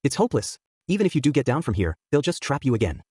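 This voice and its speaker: A man's voice: medium pitch, very animated, fast talker, darkish tone, husky, dry recording, clean studio sound. A man reading as a despairing young princess. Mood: fearful.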